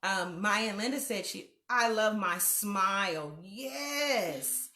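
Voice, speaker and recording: A middle-aged woman hosts a live online talk show, reading viewer comments in a warm, affirming, playful way and laughing often. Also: mid-range voice, lively intonation, slow, echoey room.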